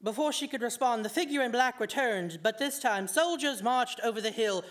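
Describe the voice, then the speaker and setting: A woman reading her own short story aloud at a fiction night, in an expressive storytelling manner. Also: fairly high pitch, normal speed.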